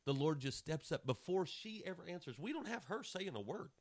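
With a high-leaning, sing-song voice and a slightly quick delivery, a man preaches fervently, voicing the people and scripture passages he describes. The recording is dry, with no room sound.

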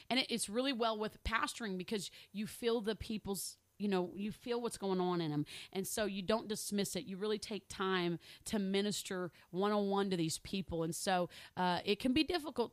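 A woman's voice: medium pitch, no room sound. A middle-aged woman teaching a casual Bible study, chatty and laughing, checking in with "okay?" and acting out little dialogues. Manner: acts out little dialogues in other voices. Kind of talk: casual teaching on spiritual gifts.

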